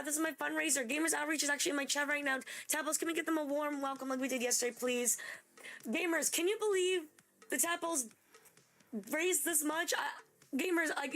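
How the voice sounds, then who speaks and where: Bubbly gushing woman streamer, high voice. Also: gravelly. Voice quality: gushing, excitable, chatty. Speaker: livestream host. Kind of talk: casual live-stream chat.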